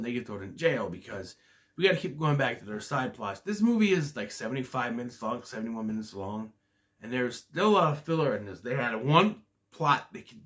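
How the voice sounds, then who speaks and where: A man's voice: medium pitch, a bit bright. A man casually reviewing a children's movie, rambling and hesitant, with lots of fillers.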